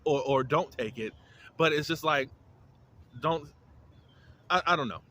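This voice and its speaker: A man's voice: fairly high pitch, measured pace, bright, forceful tone. A man giving a casual, opinionated recap of a TV episode, with lots of fillers and restarts. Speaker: reality TV reviewer.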